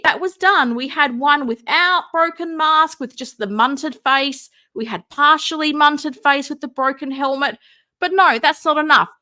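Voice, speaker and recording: An Australian woman hosts a casual figure-collecting livestream in a high, sharp voice. She sounds tired and rambles, talking in a wry, mumbly way.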